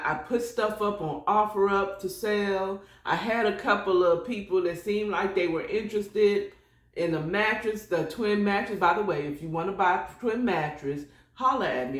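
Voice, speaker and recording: A woman's voice: on the low side, reverberant. A woman hosting a casual solo morning chat podcast, rambling and chatty with prayerful asides. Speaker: podcast host.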